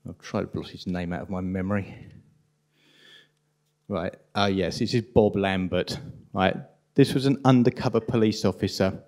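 A man with a strong London accent giving an impassioned, indignant conference talk at a rapid pace. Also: low-pitched, darkish tone. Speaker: conference speaker.

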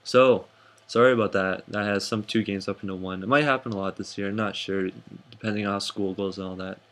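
A young man casually recapping hockey games for his vlog, jokey and excitable, with sudden high whoops. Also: fairly quick. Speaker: hockey fan vlogger.

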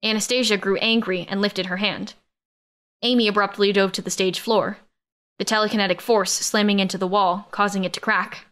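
A woman narrating a science-fiction romance audiobook in the first person, with steady, even storytelling. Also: medium pitch, moderate pace.

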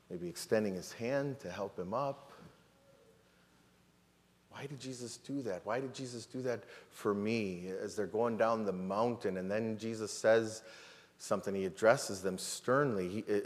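Man preaching in a reverberant church. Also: fairly low pitch. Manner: dramatic storytelling, many rhetorical questions and repeated words. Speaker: pastor. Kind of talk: sermon. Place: church sanctuary.

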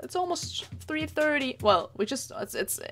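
A woman chatting casually while playing an online game, giggly and excitable, breaking into playful shouts. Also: high voice, moderate pace, faint music behind. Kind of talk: casual gaming chat.

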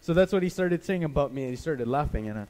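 A young man preaching a sermon, telling a personal story and then speaking quietly and earnestly to the congregation. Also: a little high, animated, fast talker, poor audio. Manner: storytelling, voices his dad loudly, then quiet and earnest.

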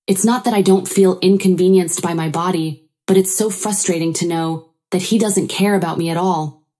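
A woman's voice: on the low side, darkish tone. A woman narrating a first-person story in an earnest, sorrowful way.

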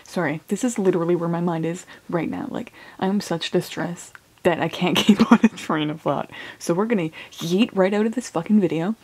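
Young woman, soft whisper, low-pitched voice, casual unboxing vlog, giggly, swears offhandedly. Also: moderate pace, breathy edge. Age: young adult. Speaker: college student unboxing a trade package.

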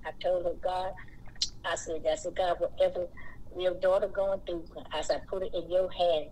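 A woman, co-hosting a casual faith chat and acting out the greetings she gives strangers in a high, bright voice. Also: moderate pace, slight background noise, low-quality recording. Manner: lively storyteller who acts out greetings in a high voice. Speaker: podcast co-host.

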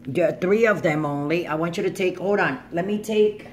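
A cooking show host, a middle-aged woman in her home kitchen, talks at normal speed in a lowish voice over a slight hiss or hum. Her casual demonstration is chatty and meandering, punctuated by "you know what I'm saying?" to check that viewers follow.

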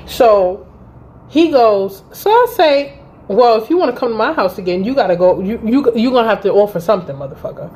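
A woman in her thirties telling a personal story to her channel in a casual, animated and profane way, acting out both sides of the conversation. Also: fairly high pitch, brisk. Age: 30s. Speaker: vlogger. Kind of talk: storytime vlog.

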